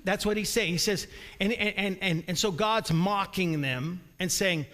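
Lively high-voiced preacher in a reverberant hall. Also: male voice, normal speed. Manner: energetic, call-and-response with the congregation. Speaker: pastor. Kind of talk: sermon. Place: church sanctuary. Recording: long reverb of a large hall.

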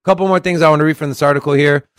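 A man's voice: a little high, rapid-fire, dry recording, clean studio sound. A man co-hosting a crypto podcast in casual chat, reading news articles aloud and commenting in a brash, profane way. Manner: brash and profane, animated when reading quotes. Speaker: podcast co-host.

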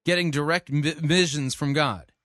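A man's voice: on the high side, steady tone, moderate pace, fairly bright tone, no room sound, studio quality. A man reviewing a sermon, skeptical and challenging, repeating the preacher's phrases back to question them. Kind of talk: critical commentary.

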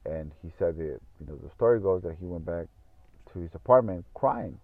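A man's voice: sits low, animated, normal speed, no room sound. A man telling a story in a casual monologue, rambling, repeating himself and swearing often. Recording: tinny phone-like audio.

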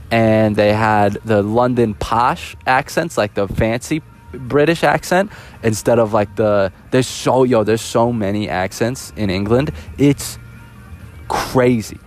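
A man's voice: medium pitch, darkish tone. A young man telling a personal story in a casual storytime monologue, animatedly acting out the quoted dialogue. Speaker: vlogger.

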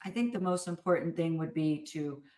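A woman's voice: deep voice, normal speed. A woman from Texas, a business-owner guest, chatting casually and acting out family conversations as she tells stories. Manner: animated, acts out family dialogue. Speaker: entrepreneur guest. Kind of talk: casual interview storytelling. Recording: echoey room.

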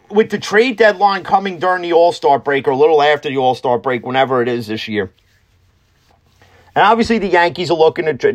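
Blunt, ranting male sports talker. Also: on the high side. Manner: blunt, ranting, swears freely. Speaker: sports podcast host. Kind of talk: opinionated casual sports talk.

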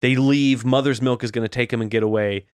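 A man's voice: mid-range voice, steady tone, a little fast, clear, resonant tone, no echo. A man co-hosting a podcast, eagerly recapping scenes in casual chat and swearing freely. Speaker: podcast co-host.

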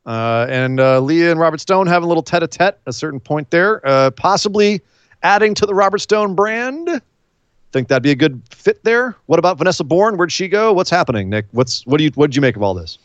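A man co-hosting a casual wrestling recap, rambling and animated, often acting out what the wrestlers said. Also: fairly high pitch, brisk, no echo, highs cut off. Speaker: wrestling podcast co-host.

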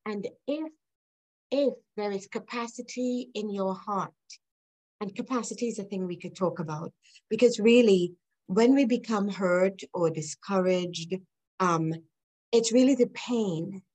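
A woman's voice: mid-range voice, measured pace, a little mellow, low-quality recording. Middle-aged woman guest, earnest, reflective storytelling, breaks into light laughs. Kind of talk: personal storytelling in an interview.

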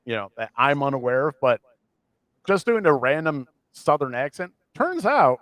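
A man from the American Midwest co-hosting a casual podcast chat, talking in animated, ranting bursts with a self-deprecating streak. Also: medium pitch, moderate pace, no room sound. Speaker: podcast co-host.

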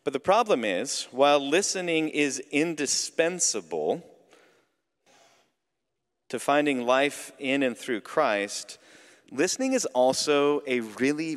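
A man preaching a sermon as pastor, telling a story in an animated, conversational way. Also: medium pitch. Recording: long hall reverb.

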